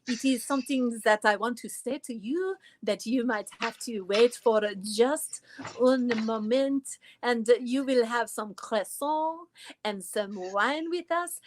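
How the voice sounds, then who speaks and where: Woman doing a French-accented greeter, slow lilting delivery, fairly high. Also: a little hiss or hum.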